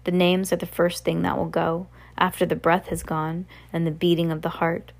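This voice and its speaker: A woman's voice: fairly low pitch, flat delivery, normal speed, creaky. A woman reading as sad whispering ghost children. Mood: wistful. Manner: hushed, wistful, old-fashioned speech.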